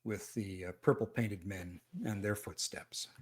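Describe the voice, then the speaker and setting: A man's voice: fairly low pitch, fairly even intonation, measured pace. A man running a tabletop game as game master, talking hesitantly with many fillers.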